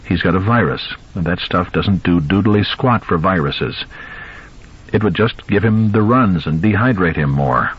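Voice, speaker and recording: A man's voice: deep voice, big pitch swings, fairly quick, few pauses, slightly rough, muffled recording, heavily acted. A man voicing a tired, short-tempered father who is a doctor, in a clipped way. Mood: tense. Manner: clipped, curt.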